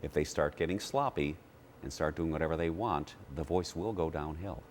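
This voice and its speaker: A man with an extremely deep voice explains singing technique as a TV guest, stopping now and then to demonstrate vowels. His speech is steady and explanatory. A faint hiss of noise sits under the recording. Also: moderate pace. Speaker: voice teacher. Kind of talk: TV interview, explaining with sung demos.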